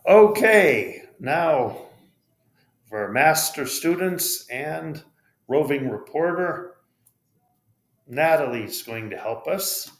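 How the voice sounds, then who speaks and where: A man's voice: a little high, animated, takes it slowly, long pauses. A man with an American accent teaching English pronunciation, spelling out letters and modeling each word with patient care. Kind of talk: pronunciation lesson. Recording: roomy echo.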